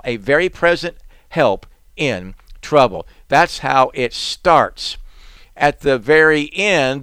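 A man's voice: mid-range voice, a bit bright, clean tone, dry recording. A man preaching a sermon in an earnest, conversational way, with bursts of emphasis.

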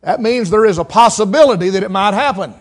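A man's voice: sits high, lively intonation, quick pace. A man preaching a sermon in a folksy, conversational way, with a Southern mountain accent, acting out little quotes as he teaches.

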